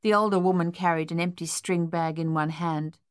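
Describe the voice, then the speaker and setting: A woman narrating a novel in a measured, steady way. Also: on the low side, clean tone, no room sound, clean studio sound. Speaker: audiobook narrator. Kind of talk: scripted narration.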